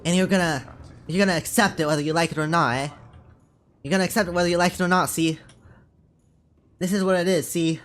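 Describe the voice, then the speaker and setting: A man's voice: fairly high pitch, steady tone, fairly bright tone, natural voice. A man putting on a hammy Italian mobster. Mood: swaggering. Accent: put-on Italian accent. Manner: hammy, clumsy threats with a drawn-out tag. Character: tough-talking male Italian mobster, threatening.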